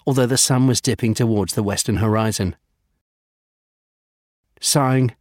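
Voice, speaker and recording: A man narrating a children's storybook, savouring lists with gentle humour. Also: mid-range voice, no room sound, clean studio sound.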